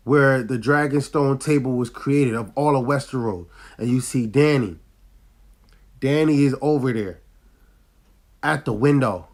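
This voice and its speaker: A man recapping and reviewing a TV episode in casual, slangy talk, excitable and loud when hyped, sounding a bit sick with a cough now and then. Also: medium pitch.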